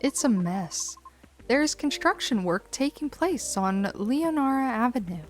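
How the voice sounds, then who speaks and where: A woman's voice: a little high, animated, unhurried, faint music behind, pitched above the performer's own voice. A woman voicing a poised, courteous older woman from a cozy game. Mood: polite.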